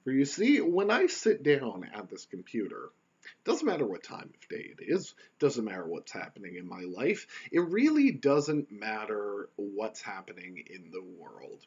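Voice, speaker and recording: A man's voice: lowish voice, wildly swooping pitch, a little slow, a little mellow, breathy edge. Wry rambling man on a lo-fi mic. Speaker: podcast host. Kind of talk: casual solo podcast monologue. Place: at home at his computer.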